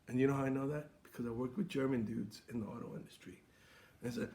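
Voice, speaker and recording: A man's voice: medium pitch, fairly even intonation, fast, vocal fry, warm tone. A young man hosting a comedic sports recap, boisterous and theatrical, with playful bits and mock toasts. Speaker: sports show host.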